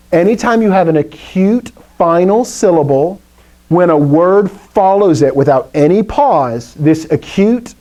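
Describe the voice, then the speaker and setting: This classroom lecture comes from a middle-aged Greek teacher whose voice is on the high side with a dark tone. He breaks down language rules step by step, joking along the way.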